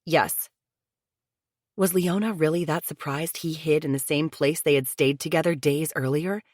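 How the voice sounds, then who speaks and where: Audiobook narrator, woman, lower voice, dry studio read. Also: steady tone, moderate pace, a little mellow, no echo. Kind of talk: scripted narration.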